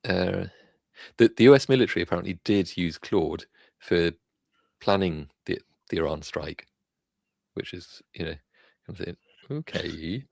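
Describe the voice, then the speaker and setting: A man's voice: low voice, unhurried, gravelly, darkish tone, no room sound. A man hosting a live tech news stream, chatting casually and rambling with many fillers and restarts. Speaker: livestream host.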